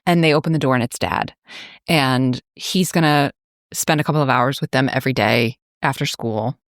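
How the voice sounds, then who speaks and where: Low-pitched woman podcast host going over a story, lots of "like"s, dry close sound. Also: normal speed, no echo. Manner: chatty, filler-heavy, wry asides. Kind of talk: casual plot recap.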